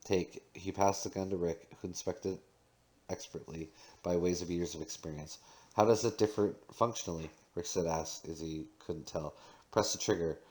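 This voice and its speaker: A man's voice: low-pitched, steady tone, normal speed, darkish tone. A man reading a novel aloud, doing the narration and dialogue in his own voice, with occasional slips and restarts. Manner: reads with small slips and restarts. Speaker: audiobook reader.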